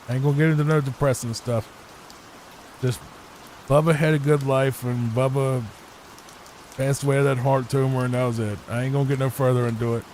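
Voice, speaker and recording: A man's voice: medium pitch, little pitch movement, brisk, pauses often, darkish tone, slight background noise. A man giving improvised, rambling sleep-time commentary over gameplay at his home computer mic, often repeating himself. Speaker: gaming YouTuber. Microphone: desk microphone.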